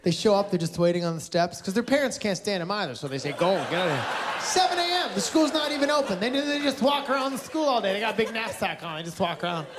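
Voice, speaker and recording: Talking fast with hardly any pauses, this man has a high, animated voice, and the clip is very noisy. He's a Canadian stand-up comic with a Canadian accent, doing sarcastic, blunt crowd work that teases the audience in a big live room full of laughter.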